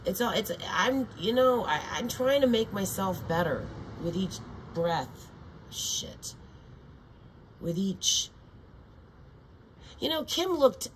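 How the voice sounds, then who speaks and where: An older woman with a low voice rambles through a casual monologue, her pitch rising and falling widely. She restarts sentences often and swears without a second thought. Her talk wanders from one thought to the next. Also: a little mellow, slight background noise, rough recording. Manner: meandering, profane, with frequent restarts. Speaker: vlogger.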